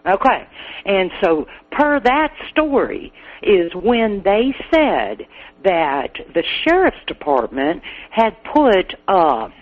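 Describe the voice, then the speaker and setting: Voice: mid-range voice, big pitch swings, slow. A caller on a thin, tinny phone line, telling the host what they found in a chatty, meandering way. The voice moves up and down a lot, with plenty of ums and restarts. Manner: chatty, hesitant, filler-heavy. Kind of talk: casual call-in chat.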